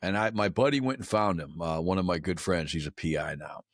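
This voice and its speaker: A man in his sixties talks as a podcast guest in a lowish voice. He tells stories casually, bluntly and with plenty of swearing and slang. The recording is dry and close. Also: fairly quick, dry recording. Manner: blunt, profane, slangy, peppered with "man" and "dude". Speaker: podcast guest, military veteran. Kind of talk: casual storytelling in a podcast interview.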